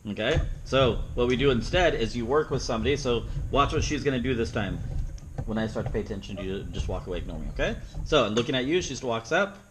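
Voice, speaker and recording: A man's voice: medium pitch, expressive, quick pace, a little hiss or hum, poor audio. A man teaching a dog training seminar, plain-spoken, who acts out the dog's thoughts in playful asides. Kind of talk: seminar teaching with live demonstration.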